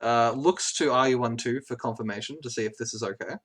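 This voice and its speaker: A man's voice: mid-range voice, a little fast, a bit bright. A man narrating a tabletop game as game master, in a descriptive storytelling manner.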